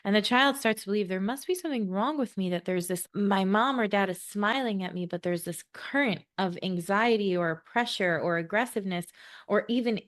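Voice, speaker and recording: A woman's voice: medium pitch, fairly bright tone. A woman co-hosting a podcast, talking in an earnest, reflective way and explaining ideas at length. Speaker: podcast co-host.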